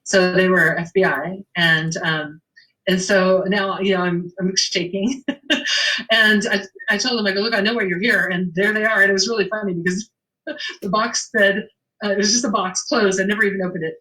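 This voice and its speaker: A middle-aged woman tells a story from her shop in an easygoing interview. Her voice is bright and forward, and she plays out every bit of dialogue with lively jumps in pitch. She laughs easily along the way. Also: normal speed, low-quality recording. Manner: animated storyteller, acts out the dialogue, laughs often. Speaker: shop owner telling a story. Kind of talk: casual anecdote in an interview.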